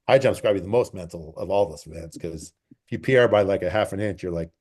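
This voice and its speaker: A man who coaches track and field, answering interview questions in a relaxed, rambling way and repeating phrases for emphasis. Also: deep voice, quick pace, slightly rough. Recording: call recording.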